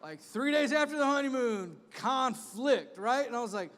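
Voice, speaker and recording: A man in his thirties, a pastor preaching an animated sermon with punchy repeated refrains. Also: very high-pitched, moderate pace. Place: church sanctuary. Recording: long reverb of a church hall.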